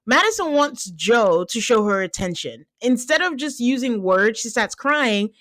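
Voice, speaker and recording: A lively young woman with a fairly high voice hosts a podcast, talking animatedly and laughing a lot. She acts out quotes with playful flair. Her voice sits close to the mic, dry and direct. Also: measured pace, dry recording. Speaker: podcast host. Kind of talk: casual chat recapping a reality show.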